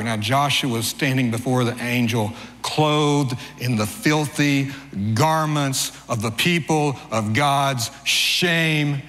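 A middle-aged male pastor giving a sermon in a conversational, storytelling way. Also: sharp tone. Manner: conversational storytelling preacher, rises in pitch for acted dialogue. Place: church sanctuary. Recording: long church-hall reverb, faint ambience.

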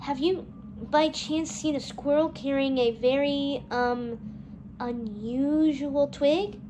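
A woman reading a storybook, voicing a kind, brave young princess who speaks softly and reassuringly. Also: sits high, takes it slowly, noisy background. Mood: gentle. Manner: soft and reassuring.

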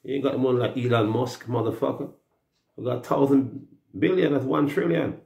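A man with a Jamaican accent on a loud, mocking, profanity-filled rambling rant. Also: medium pitch, fairly quick, creaky. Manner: loud, cursing, mocking, laughing. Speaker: music artist. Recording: roomy echo.

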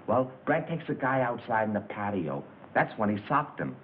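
A man's voice: medium pitch, sing-song, normal speed, lightly acted. An actor playing a chatty young bellhop full of slang, eager to tell what he saw. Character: gossipy young hotel bellhop. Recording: tinny old film soundtrack with hiss.

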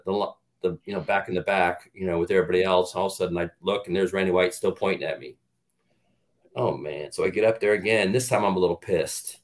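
A middle-aged man, a guest on an interview show, telling rambling, profane stories and acting out what others said. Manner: animated storyteller, acts out quotes in a louder, higher voice. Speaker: guest, actor and former football player. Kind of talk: storytelling in an interview.

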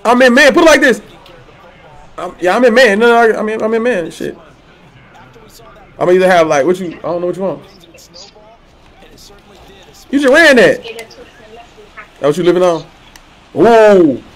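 A man streaming a football video game, trash-talking his opponent loudly with slang, swearing and laughter. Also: sits high, expressive, moderate pace, pauses often. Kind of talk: trash-talking gameplay commentary.

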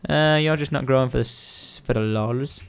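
A young man giving excitable, rambling let's-play commentary, coaxing and shouting at the game. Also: mid-range voice, normal speed, creaky, clear, resonant tone. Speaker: gaming video host.

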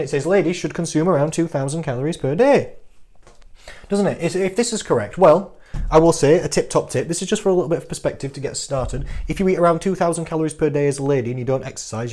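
A man, a fitness coach giving an energetic, teasing talk to camera full of rhetorical questions. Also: a little high.

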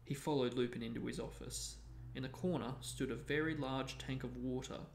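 A man hosting a show, reading a novel aloud in a steady storytelling manner. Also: mid-range voice, moderate pace, gravelly, slight background noise. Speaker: reader and show host. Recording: roomy echo.

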